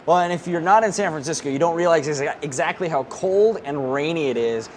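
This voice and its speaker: A man's voice: fairly high pitch, brisk, a little hiss or hum. A man hosting a podcast in a casual promotional chat, rattling off lists of features at an indoor launch event. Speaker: podcast host.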